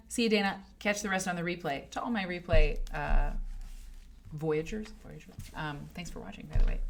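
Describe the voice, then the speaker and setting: A woman with a slightly low voice hosts a livestream in a loose, chatty way. She rambles, restarts her sentences and turns aside to greet viewers. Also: a bit bright. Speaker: host of a quilting livestream show. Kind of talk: casual livestream chat.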